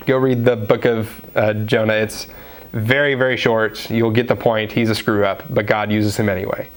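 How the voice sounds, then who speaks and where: A man giving a daily devotional sermon in a conversational way, with fillers, acting out quoted voices now and then. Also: fairly low pitch. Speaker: preacher.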